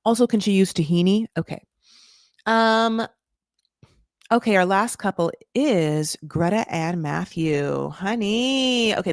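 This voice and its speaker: A woman's voice: medium pitch, no echo, studio quality. A woman hosting a casual reality-show recap, gossipy and sarcastic, swearing and filling her talk with "like".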